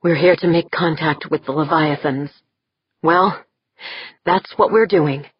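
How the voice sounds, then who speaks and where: A woman gives voice to a grim, unyielding male leader who speaks in clipped, firm lines. The voice is low and husky, recorded dry and slightly dull. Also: measured pace, no echo.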